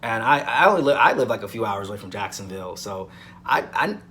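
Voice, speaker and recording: A man's voice: fairly low pitch, animated, fast, a bit bright, slight background noise. A man giving a casual weekly soap opera review, rambling with frequent "um"s and repeating points for emphasis.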